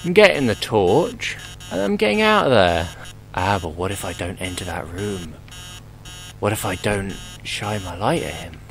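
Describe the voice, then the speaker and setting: A man's voice: on the low side, expressive, moderate pace, gravelly, rough recording. A young man commentating his horror gameplay, rambling and joking, swearing often and talking back to the game.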